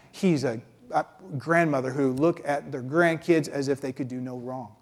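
A man preaching a conversational sermon, acting out quick impressions of how people picture God. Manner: conversational, acts out quick impressions with pitch jumps.

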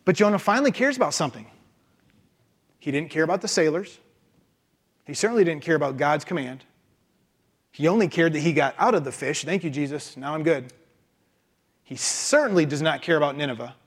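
Pastor, sermon delivery, high-pitched man, emphatic, punches his points with rhetorical questions.

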